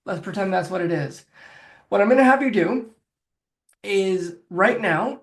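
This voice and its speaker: A man's voice: sits high, animated, measured pace. A man working as a phobia coach, talking the listener step by step through a guided self-help exercise. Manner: directive, coaching, talks viewer through steps.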